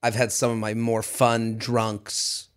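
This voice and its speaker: A man's voice: lowish voice, monotone, slow. A man co-hosting a podcast, chatting casually and cracking playful jokes. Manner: joking, playful. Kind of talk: casual chat.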